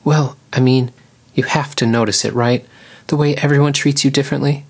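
A man voicing a playful young lioness girl in an audiobook, lifting his voice into a bright teasing lilt. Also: medium pitch, fairly even intonation, a little fast, gravelly, husky, voice pushed up. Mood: earnest. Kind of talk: audiobook character voice.

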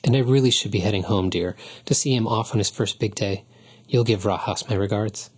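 A prim lioness neighbor from a storybook, polite on the surface but cool and evasive, as a man reads her. Her voice sits low and quiet, with a husky, breathy edge. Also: fairly quick.

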